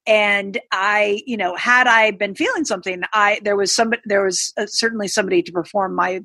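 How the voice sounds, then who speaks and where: A woman's voice: medium pitch, fairly quick, bright, forceful tone, no echo. A woman with a mid-range voice talks through her take in a casual chat, wandering and circling back as she goes. Her voice sounds dry and close to the mic. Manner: meandering, many fillers and restarts. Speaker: podcast co-host.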